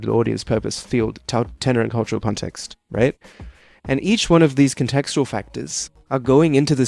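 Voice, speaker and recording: A young man tutoring over a video call, his mid-pitched voice with a gravelly, fry-edged texture. He explains patiently and keeps checking in with "right?" after nearly every point. The sound is dry and close, with faint music underneath. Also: darkish tone, no echo. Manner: explanatory, tags most sentences with "right?". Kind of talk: casual one-on-one tutoring.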